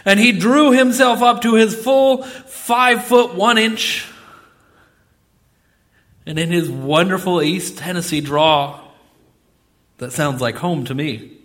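Middle-aged pastor guy preaching in church, bright tense voice, pitch sits a bit high, gets loud then goes soft. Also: slow pace, pauses often. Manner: emphatic preaching, swinging between loud exclamations and soft asides. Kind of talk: sermon. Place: church sanctuary.

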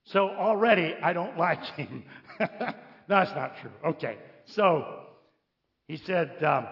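Gravelly preacher telling stories. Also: male voice, on the high side, slow, pauses often, dull audio. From United States. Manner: animated storytelling, jokes and questions to the congregation. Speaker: visiting preacher. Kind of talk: sermon.

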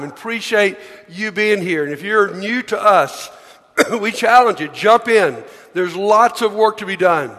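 Predigender Mann mit hoher Stimme, halliger Kirchenraum. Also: male voice, high voice, fairly bright tone. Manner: folksy storytelling, leads the congregation in readings. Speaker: pastor. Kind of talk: sermon. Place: large church sanctuary. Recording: long church-hall reverb.

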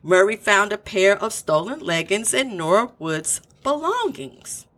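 A woman's voice: mid-range voice, sing-song, measured pace, a bit bright. A woman telling a true crime story in her own words, with blunt asides to the listener. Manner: opinionated, talks straight to the listener. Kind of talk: true crime narration with commentary.

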